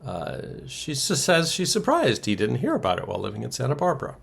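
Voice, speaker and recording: A man with a gravelly, slightly husky voice talks through a casual recap. His pitch rises and falls a lot as he drops wry asides and chuckles between the ums. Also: wildly swooping pitch, a little fast. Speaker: podcast co-host recapping a soap opera.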